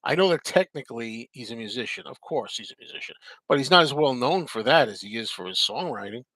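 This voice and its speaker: A man's voice: mid-range voice, expressive, fast talker, pushed and bright, husky, no room sound. A man hosting a casual live chat, reading and answering viewer comments in a rambling, repetitive way. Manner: chatty, repeats himself, rambling asides.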